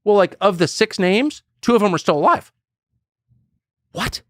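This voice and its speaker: A man's voice: high voice, moderate pace, dry recording, clean studio sound. A man in his fifties, a guest telling stories in a conversational interview and acting out quotes. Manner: animated storyteller who acts out quotes.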